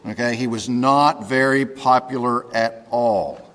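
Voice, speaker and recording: A man's voice: mid-range voice, steady tone, a little slow, a bit bright, in a large hall. A male pastor giving a conversational sermon, often checking in with his listeners. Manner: conversational preaching with frequent "okay?" checks.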